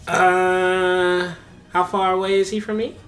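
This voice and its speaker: A man's voice: high voice, little pitch movement, slow, a bit bright, faint music behind. A man playing a tabletop role-playing game, talking casually and joking with the game master. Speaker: player.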